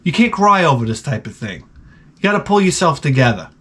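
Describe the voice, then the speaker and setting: A man with a high voice gives blunt, crude relationship advice in a rambling comic monologue. He drifts from point to point and slips into the voices of the people he describes. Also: big pitch swings, a little fast, a bit bright, husky. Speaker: advice vlogger.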